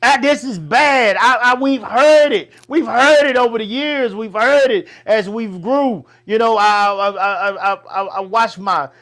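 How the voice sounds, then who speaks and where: A man from Texas, co-hosting a casual talk show, animated and repeating himself when he gets fired up. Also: extremely high pitch, unhurried, few pauses. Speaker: podcast co-host. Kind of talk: casual chat.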